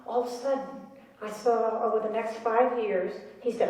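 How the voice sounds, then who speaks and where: A middle-aged woman giving an animated storytelling talk to a live audience, prompting them to repeat after her. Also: fairly high pitch, moderate pace. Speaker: speaker on caregiving. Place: large room with an audience. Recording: echoey hall recorded from far off.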